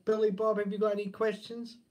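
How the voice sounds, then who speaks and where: A man's voice: sits high, flat delivery, fast talker, darkish tone. Laid-back man hosting a live stream. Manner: laughing, keeps things moving. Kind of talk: casual live stream chat.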